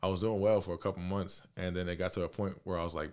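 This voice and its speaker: Speaking fast in a low-pitched voice, a young man in his twenties shares a story as a podcast guest in a laid-back conversation. His delivery is animated and full of slang, and he performs the dialogue himself.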